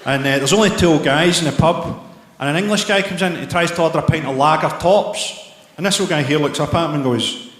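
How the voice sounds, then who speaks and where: A Scottish man in his forties doing a live stand-up set, firing off profane, dark deadpan one-liners. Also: a little high, fast talker. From Scotland. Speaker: stand-up comedian. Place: large theatre stage. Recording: echoey live theatre hall with loud crowd laughter.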